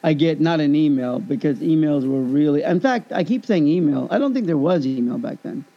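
A man in his fifties in casual chat, telling an animated story and acting out both sides of a conversation. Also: a little high, brisk. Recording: dull lo-fi recording.

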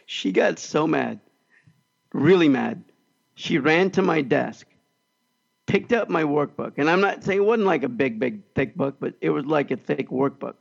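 A man co-hosting a podcast, telling a story in an animated, excitable way. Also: fairly high pitch, unhurried, gravelly, dull audio. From California. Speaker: podcast co-host. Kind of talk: casual storytelling chat.

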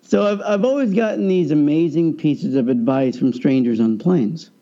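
Gravelly dark-voiced man telling a story. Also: a little high, normal speed. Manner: animated, acts out quoted voices. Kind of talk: casual conversational storytelling. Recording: dull lo-fi sound.

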